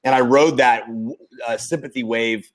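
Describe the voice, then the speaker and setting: A man at a middle pitch hosts a casual talk show. He is relaxed and chatty, and he restarts his sentences as he goes. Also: moderate pace. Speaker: host. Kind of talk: casual chat.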